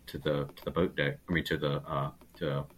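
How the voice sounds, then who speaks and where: A man's voice: very deep voice, little pitch movement, a little fast, breathy edge. A man talking in a casual podcast chat, reflective and earnest, often restarting his sentences. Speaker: podcast guest.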